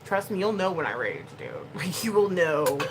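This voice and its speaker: A woman YouTuber talking casually to her camera in an animated, expressive way, moving between quiet asides and loud bursts. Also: lowish voice, normal speed, background noise.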